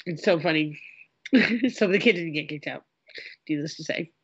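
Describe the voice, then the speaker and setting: A woman's voice: deep voice, animated, normal speed, slightly rough, muffled recording. A woman in casual conversation who laughs often and restarts her sentences. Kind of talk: casual chat.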